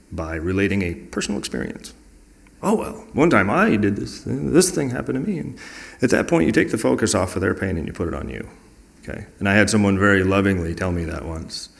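A man with a low, gravelly-fry voice shares personal stories in an earnest, reflective way. His delivery is conversational, and now and then he acts out what other people said.

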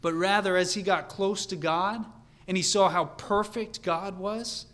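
A man preaching a sermon in an earnest way, dropping to a quiet, confiding tone and then building to a fervent pitch. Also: fairly even intonation, measured pace. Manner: earnest, swings from hushed to fervent.

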